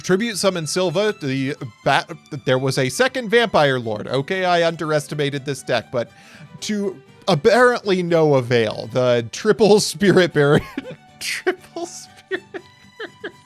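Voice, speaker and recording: A man's voice: a little high, lively intonation, moderate pace, faint music behind. Wry upbeat man calling card duels. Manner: wry, upbeat, talks to viewers as folks. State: hiccuping. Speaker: YouTube card game commentator. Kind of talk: casual play-by-play commentary.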